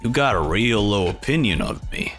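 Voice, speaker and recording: A gruff, calculating older male fighter speaks low and grim, put on by a man. He talks in a measured way, weighing every move. Faint music hums behind him. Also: expressive, fairly bright tone.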